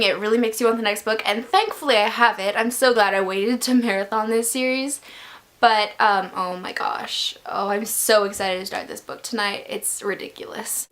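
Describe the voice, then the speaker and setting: A woman giving a casual book review in her vlog, talking as a gushing, excitable fan. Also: a little high.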